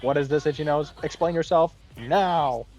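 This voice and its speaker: A man's voice: a little high, normal speed, a little mellow, dull audio, faint music behind, close to an everyday voice. A man doing a spoiled, childish company president. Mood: demanding. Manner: whiny and demanding, flips to angry threats. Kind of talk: reading game dialogue aloud in voices.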